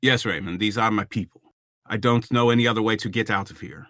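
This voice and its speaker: A man voicing Arturo, an Italian soldier guiding his companion, in a deliberately clumsy put-on Italian accent. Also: on the low side, steady tone, pushed and bright, no room sound, clean studio sound. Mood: earnest.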